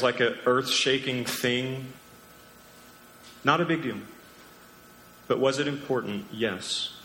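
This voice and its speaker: A man's voice: mid-range voice, pushed and bright, a little hiss or hum. A man preaching a sermon as pastor, casual and conversational with joking asides. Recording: echoey hall with long reverb.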